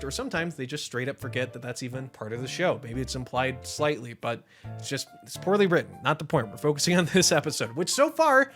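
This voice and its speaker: A young man ranting his way through a show review, swearing freely and getting animated as he talks to the camera. His voice sits a little high for a man, and faint guitar music runs underneath. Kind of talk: casual commentary rant.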